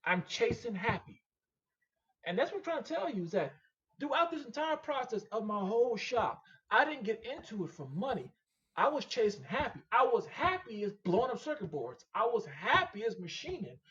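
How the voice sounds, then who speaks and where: Emphatic, animated man talking shop. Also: very high voice, fairly quick, dull audio. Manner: emphatic, animated and repetitive, preaching-like. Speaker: podcast guest, machine shop owner. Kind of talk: casual podcast interview.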